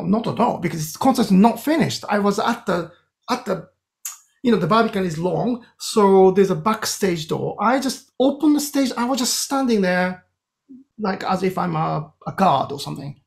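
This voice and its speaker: A man with a Japanese accent, a composer talking as a guest in an interview, telling animated stories with many restarts. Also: sits high, vocal fry. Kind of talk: casual interview storytelling.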